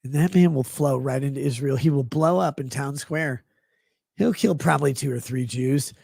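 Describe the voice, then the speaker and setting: A man in his thirties, a live streamer on a rambling, crude comedic rant that swings between mumbling and shouting. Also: mid-range voice, moderate pace, gravelly, breathy edge, dry recording, studio quality.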